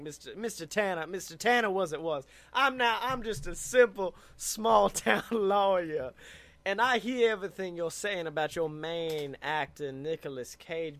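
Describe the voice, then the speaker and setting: Comedic podcast co-host, man, high bright voice, slow deliberate delivery, dry close sound. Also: no room sound. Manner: animated storytelling, swears, laughs a lot. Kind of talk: comedic mock courtroom argument.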